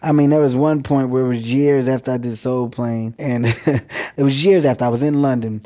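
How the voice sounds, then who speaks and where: A man's voice: medium pitch, fairly even intonation, a little fast, warm tone. A man, a comedian guest in an interview, talking in a brash, playful, joking way.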